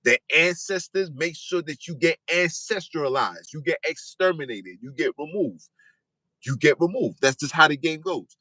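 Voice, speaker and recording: A man's voice: fairly high pitch, animated, moderate pace, no room sound, rough recording. Fiery, insistent man with a raised voice. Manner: repetitive, insistent, rising to shouts. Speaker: podcast host. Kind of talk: fiery monologue preaching.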